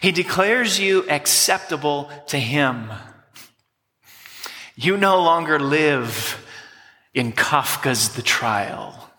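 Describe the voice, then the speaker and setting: A man's voice: a little high, expressive, takes it slowly, long pauses, pushed and bright. Man, pastor, preaching a sermon, emphatic, teaching tone, ringing voice, echoing sanctuary. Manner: emphatic, teaching, drills words with the congregation. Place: church sanctuary. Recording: long hall reverb.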